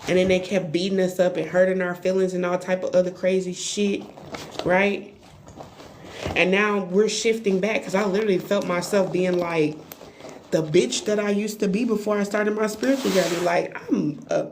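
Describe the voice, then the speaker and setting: A woman tarot reader chatting on a live stream, animated and playful, talking straight to her viewers. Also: on the low side, moderate pace, a little hiss or hum. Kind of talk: live-stream spiritual reading chat.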